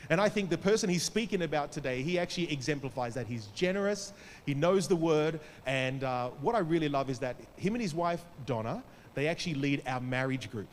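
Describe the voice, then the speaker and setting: High-voiced pastor introducing a speaker. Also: male voice, expressive, fairly quick, a little hiss or hum. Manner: affectionate, then shouts to rouse the crowd. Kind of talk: church service introduction. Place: church sanctuary. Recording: church hall reverb with faint ambience.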